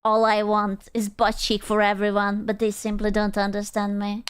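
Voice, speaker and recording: A woman's voice: medium pitch, monotone, normal speed, clean tone, dry recording, clean studio sound. A young adult woman, chatting on a live stream in a playful, crude, giggly way. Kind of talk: casual stream chat reading chat.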